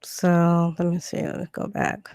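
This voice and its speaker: A woman's voice: fairly low pitch, monotone, a little slow, darkish tone, clean tone, dry recording, clean studio sound. A woman with a Southern US accent from Virginia with a Georgia twang hosts a casual live stream, chatty and loose with many fillers and restarts, while reading out dictionary definitions at home. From Virginia and Georgia, USA. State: recovering from illness. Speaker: livestream host.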